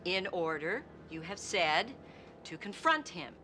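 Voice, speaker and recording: A woman's voice: on the low side, big pitch swings, a little slow, sharp tone, a little hiss or hum, full character voice. An actress playing a female prosecutor cross-examining a defendant with pointed, probing questions in a TV movie courtroom drama. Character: sharp, relentless female prosecutor.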